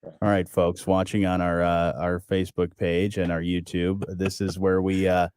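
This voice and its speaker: A man's voice: low-pitched, completely flat delivery, normal speed, darkish tone, clean tone, no echo, clean studio sound. A man co-hosting a morning radio show, bantering casually in an upbeat, jokey, self-deprecating way.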